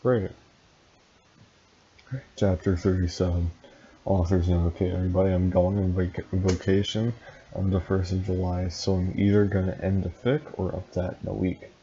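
A man with a low, dark voice reads a story in a flat monotone and cuts in with deadpan, mocking remarks. The recording is dull and lo-fi, with faint hiss underneath. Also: moderate pace. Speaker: reader and commentator. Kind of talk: comedic reading with sarcastic asides.

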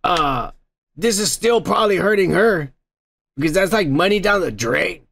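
A man's voice: sits high, animated, moderate pace, creaky, fairly bright tone. A man hosting a comedy podcast, ranting and swearing constantly in a crude, rambling way. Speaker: podcast host. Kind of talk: crude drunken comedy rant.

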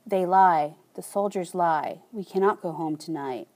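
A woman voicing a weary, gentle father who speaks softly and sadly in an audiobook. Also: lowish voice, unhurried, natural voice. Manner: soft, sad.

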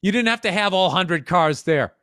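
A man's voice: high-pitched, animated, moderate pace, fairly bright tone, no echo, clean studio sound. A man in his fifties telling profane, rambling stories as a podcast co-host, now and then slipping into voices. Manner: profane storytelling, jumps into voices. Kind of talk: casual chat.

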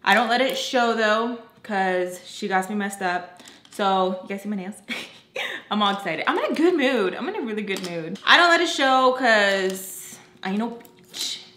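A woman's voice: mid-range voice, measured pace. Frank, swearing young woman telling a story. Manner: frank, profane, animated storytelling with many fillers. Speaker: vlogger. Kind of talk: casual story time. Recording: roomy echo.

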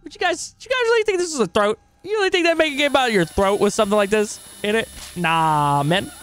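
A male streamer giving excitable, profane live commentary while playing a game and thanking new followers. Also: high voice, fast, smooth.

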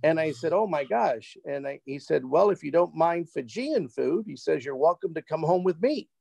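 A man as an interview guest, telling a personal travel story in an animated, casual way and often repeating words as he gets excited. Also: on the high side, moderate pace, gravelly, slightly rough, no room sound, low-quality recording.

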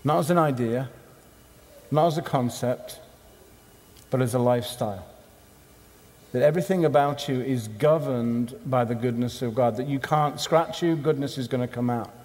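A man's voice: mid-range voice, normal speed, pauses often, a little mellow. A man giving a conference sermon, emphatic and rhythmic, in short punchy phrases. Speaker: conference speaker. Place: conference hall. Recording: long hall reverb.

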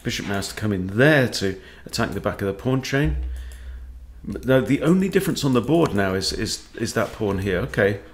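Chess coach guy talking thru his moves, pitch jumping all over, dry jokey asides. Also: animated, brisk, a little hiss or hum. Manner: mutters to himself, wry asides. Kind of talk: thinking-aloud game commentary.

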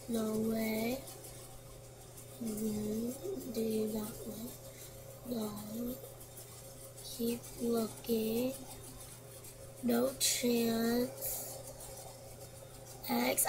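A woman playing a quiz game on her computer, reading the questions and answers aloud and mumbling to herself. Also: fairly high pitch. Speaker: gameplay commentator. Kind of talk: casual gameplay commentary. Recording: noisy home recording.

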